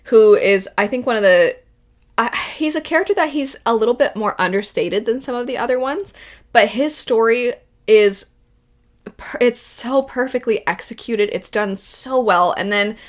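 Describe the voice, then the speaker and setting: A woman's voice: on the high side, moderate pace. A young woman hosting a video essay, gushing and rambling with emotion about stories she loves. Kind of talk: casual enthusiastic commentary.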